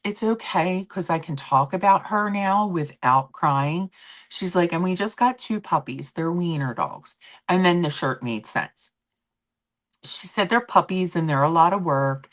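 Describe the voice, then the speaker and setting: A woman's voice: lowish voice, lively intonation, normal speed, fairly bright tone. A middle-aged woman hosting a casual livestream, chatting in a rambling way and answering viewers' comments. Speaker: livestream host.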